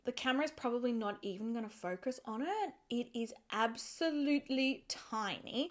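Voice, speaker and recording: A woman with a slightly high voice talks through her monthly beauty favorites in a casual vlog. She is chatty and animated, stressing her points by repeating them. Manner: chatty and animated, with emphatic repetition. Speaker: beauty vlogger. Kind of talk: casual product review.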